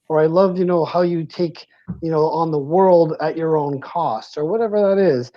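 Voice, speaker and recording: A man's voice: fairly high pitch, moderate pace, no room sound. A man in his forties, a podcast co-host, talking earnestly and reflectively in a casual panel chat and speaking openly about his feelings. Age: 40s. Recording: dull lo-fi sound.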